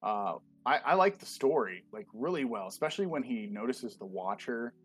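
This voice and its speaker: A man co-hosting a casual podcast chat, an excitable fanboy who leans on fillers. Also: mid-range voice, moderate pace, husky. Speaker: podcast co-host. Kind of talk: casual chat reviewing a show.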